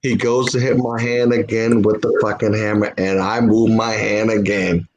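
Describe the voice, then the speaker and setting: A man's voice: on the low side, level tone, normal speed, muffled recording, crowd noise. A man telling a long story in casual chat, full of swearing and stopping often on "whatever". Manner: profane, peppers speech with "whatever". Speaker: podcast co-host.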